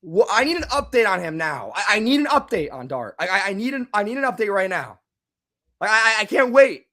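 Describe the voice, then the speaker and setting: A man reacting live to a football game, swinging from low muttering to angry shouting and repeating words. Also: sing-song, fast talker. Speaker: fan reaction streamer.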